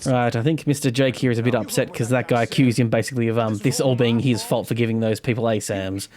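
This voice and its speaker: A man's voice: mid-range voice, fairly even intonation, fast, darkish tone. Playful man commentating gameplay. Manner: playful, theatrical asides. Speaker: gaming YouTuber.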